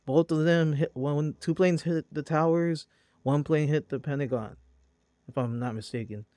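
Brief: male podcast host, slightly high voice, blunt profane rant, close dry sound. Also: steady tone, moderate pace, warm tone, no echo. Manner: blunt, profane, repeats "bro".

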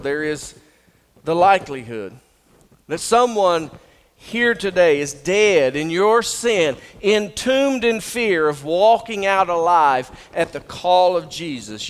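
High-voiced preacher in a church hall. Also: male voice, smooth. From Southern US. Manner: dramatic preaching, swings between loud proclamation and hushed intensity. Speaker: pastor. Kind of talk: sermon. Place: church sanctuary. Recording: long reverb of a church hall.

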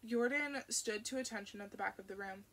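A woman reading a novel aloud as an audiobook narrator, steady and expressive. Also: medium pitch, brisk.

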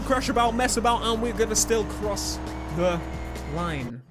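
Excitable high-voiced gamer. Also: male voice, normal speed. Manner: excitable, shouts and laughs at the race. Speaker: gaming YouTuber. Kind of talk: let's play commentary. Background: game music and engine sounds.

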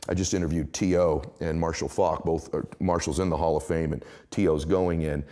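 A middle-aged man speaking as an interview guest, telling motivational stories with emphatic, animated delivery. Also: extremely low pitch, brisk.

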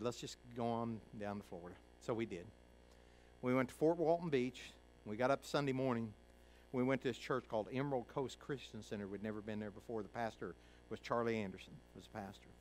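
A middle-aged male pastor from Kentucky preaching a sermon, telling a personal story in a folksy way, acting out the voices of others and moving between hushed and loud. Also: medium pitch, fairly quick, slight background noise, low-quality recording.

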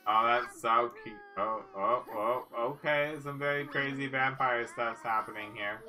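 A woman's voice: a bass voice, a little slow, pushed and bright, slight background noise. A woman giving casual let's-play commentary, chatty and cooing at the game characters. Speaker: gaming channel host.

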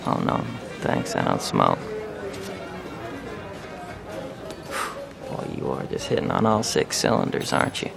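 Smooth confident ladies' man, slow gravelly half-whisper, swings way up and down, music under it. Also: huge pitch swings, heavily acted. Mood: seductive. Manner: slow, low, half-whispered seductive talk. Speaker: seducer in a film scene. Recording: film clip with music underneath. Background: film score music.

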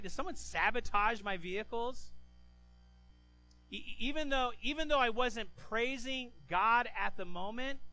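A man preaching a sermon as pastor, animated and given to stammering restarts, who acts out the voices of people in the story. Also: high voice, rough recording.

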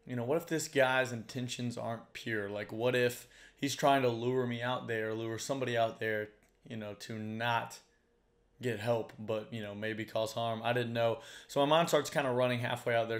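A man tells a story in a relaxed, conversational voice at a middling pitch. He talks the way a vlogger would, filling his sentences with "like" and "you know," and he gets animated when he acts out the dialogue. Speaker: fishing guide and channel host. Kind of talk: casual storytelling to camera.

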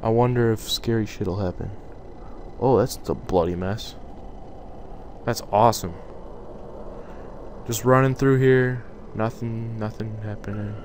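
A man's voice: on the low side, steady tone, a little slow, long pauses, a little hiss or hum. A young man giving jokey, swearing commentary while playing a horror game and talking back to its figures. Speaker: gaming YouTuber.

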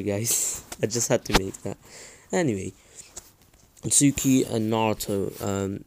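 A man's voice: fairly low pitch, a little mellow. A man casually retelling a fan story, rambling and correcting himself, with jokes and asides. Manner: rambling, self-correcting, joking.

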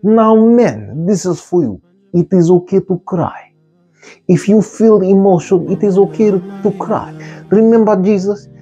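A man's voice: high-pitched, animated, unhurried, mellow, highs cut off, soft background music. A man delivering a comic monologue in simple broken English, repeating key words for effect. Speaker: comic commentator.

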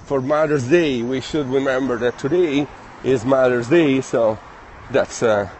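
A man's voice: medium pitch, darkish tone, a little hiss or hum. Chatty Italian-accented man on a street. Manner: friendly, chatty, halting non-native phrasing. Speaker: live streamer. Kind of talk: casual live-stream chat, reading viewer comments. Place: outdoors on city streets, walking.

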